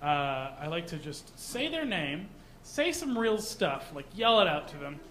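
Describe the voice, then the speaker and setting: High, lively stand-up comedian, man. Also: unhurried, slight background noise. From Canada. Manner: deadpan with sudden loud put-on voices. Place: comedy club stage.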